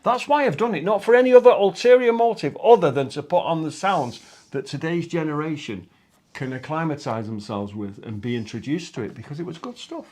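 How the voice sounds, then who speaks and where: A man's voice: a little high, a little mellow. A man, co-hosting a casual chat show. He reminisces and cracks dry quips. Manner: cynical, reminiscing, quick quips. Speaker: co-host.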